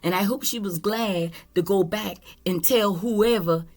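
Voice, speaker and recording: A woman's voice: medium pitch, unhurried, hardly any pauses. A woman tarot reader giving a casual spiritual monologue, blunt and candid, with swearing.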